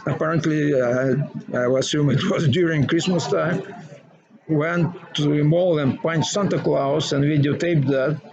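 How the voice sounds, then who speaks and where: Animated man with Russian accent. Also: on the high side, unhurried, creaky. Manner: animated, laughs often, broken English. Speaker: former teacher. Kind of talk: casual conversation. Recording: dull sound with crowd noise.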